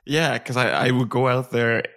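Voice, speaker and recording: A man's voice: mid-range voice, steady tone, moderate pace, fairly bright tone. A young adult man co-hosting a podcast, playful and teasing, laughing often in casual chat. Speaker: podcast co-host.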